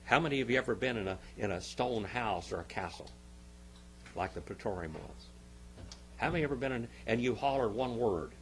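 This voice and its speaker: A man of average pitch teaches a Bible class in a church classroom. He swings from loud, emphatic bursts to quiet asides and repeats phrases to drive them home. A faint hum sits behind his voice. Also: lively intonation, a little fast. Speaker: Sunday school teacher.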